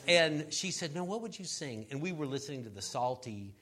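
A man, a pastor, sharing a personal testimony on a panel in an earnest, halting way, restarting his sentences and laughing at himself as he goes. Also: a little high, lively intonation, bright, forceful tone. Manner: laughs at himself while telling the story.

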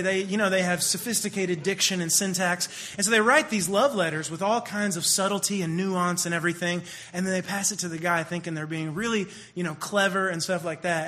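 A young man talks through a comic monologue in a lively, animated way. His voice sits high for a man, and he slips in and out of the characters he describes. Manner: animated, acts out quoted voices. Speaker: speaker. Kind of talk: comedic monologue.

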